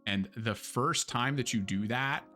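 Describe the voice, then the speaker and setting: Bright-voiced chatty male streamer. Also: mid-range voice, unhurried, faint music behind. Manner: chatty, lots of fillers, candid with swearing. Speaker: streamer and host. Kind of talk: casual live-stream game review.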